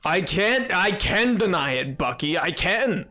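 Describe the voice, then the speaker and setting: A live streamer playing a game, joking with chat in a loose, excitable way, jumping from loud outbursts to low mutters. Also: unhurried. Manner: excitable, bantering with chat, jumping between yelling and mumbling. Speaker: livestreamer playing a video game. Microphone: desk mic.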